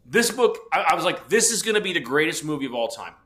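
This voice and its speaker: Bright-voiced man in his fifties rambling. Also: fairly high pitch, sing-song, fast talker. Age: 50s. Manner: rambling storyteller, swears freely. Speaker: podcast co-host. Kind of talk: casual chat.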